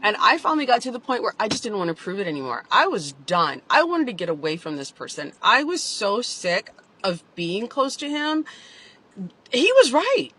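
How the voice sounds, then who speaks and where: A woman's voice: medium pitch, big pitch swings, fairly quick, bright, forceful tone, rough recording. A woman telling her own story in a candid vlog, emotional and confessional, with lots of "like".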